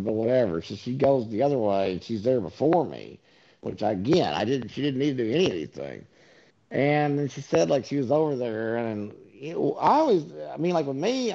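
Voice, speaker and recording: A man's voice: mid-range voice, gravelly, mellow. A man telling stories in a casual, rambling monologue, full of fillers and swearing. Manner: rambling storyteller, many fillers, profane asides. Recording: dull lo-fi recording.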